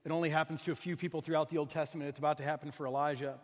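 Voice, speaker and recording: A man preaching a sermon, shifting from a soft, hushed delivery to loud, pleading emphasis, often repeating and restarting his words. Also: a little high, flat delivery, racing. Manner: dramatic swings from soft near-whisper to loud pleading. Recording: long hall reverb.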